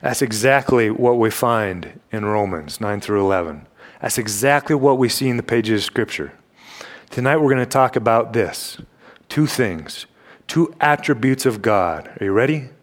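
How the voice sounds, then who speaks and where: A young man preaching a sermon in a church, emphatic and full of rhetorical questions, clearing his throat now and then. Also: on the low side, expressive, normal speed. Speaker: campus ministry preacher. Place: church sanctuary.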